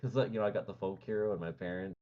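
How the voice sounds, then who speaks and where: A man's voice: low voice, steady tone, racing. A man playing a tabletop game, rambling and hesitant, with lots of fillers. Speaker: player. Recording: dull lo-fi mic.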